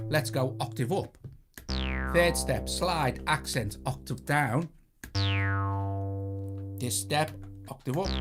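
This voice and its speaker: A man with a British accent hosting a hands-on synthesizer tutorial, talking casually and correcting himself as he presses buttons. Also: fairly high pitch. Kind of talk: hands-on gear walkthrough. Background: synthesizer sequences playing.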